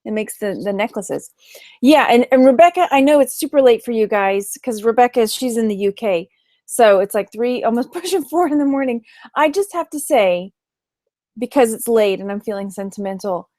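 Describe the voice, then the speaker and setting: A woman's voice: a little high, moderate pace, a little mellow, no room sound, clean studio sound. A woman with a Texan accent chatting casually on a late-night live stream, tired and greeting viewers by name as she goes. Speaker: online reseller doing a live stream.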